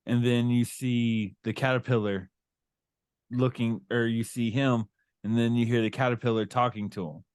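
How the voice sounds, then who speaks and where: A man's voice: medium pitch, fairly even intonation, normal speed, darkish tone, clear, resonant tone, no echo, clean studio sound. A middle-aged man hosting a casual podcast chat with his son, rambling and searching for words as he recaps a movie. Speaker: podcast host, father.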